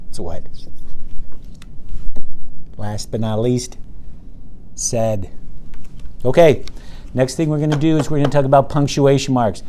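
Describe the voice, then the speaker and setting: A man teaching a reading lesson to young children, speaking slowly and patiently in a sing-song way and stretching words out. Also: a little hiss or hum. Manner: bursts loud and high when excited.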